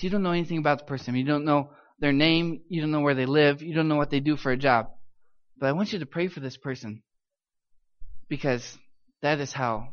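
A young man from the United States speaks in a high voice, relating a church testimony with animated emphasis. The recording sounds dull and lo-fi, as if captured in a church hall. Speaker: missionary speaker.

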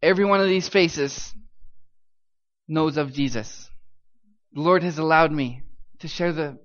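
A young man from the United States speaks in a high voice, relating a church testimony with animated emphasis. The recording sounds dull and lo-fi, as if captured in a church hall. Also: measured pace. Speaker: missionary speaker.

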